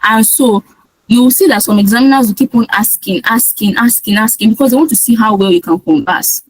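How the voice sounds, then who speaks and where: A woman's voice: fairly high pitch, a little fast, rough recording. Nigerian woman coaching exam students. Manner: emphatic, acts out examiner and sample answers. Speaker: IELTS tutor. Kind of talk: speaking-test coaching lesson.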